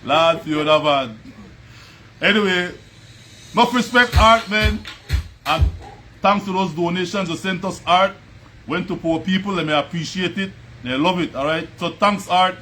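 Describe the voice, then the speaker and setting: High-voiced Belizean man chatting over music. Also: a little slow, long pauses. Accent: Belizean Creole English. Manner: relaxed, chatty, laughs often, greets viewers by name. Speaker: livestream host. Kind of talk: casual livestream chat with viewers. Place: at home. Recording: music playing behind.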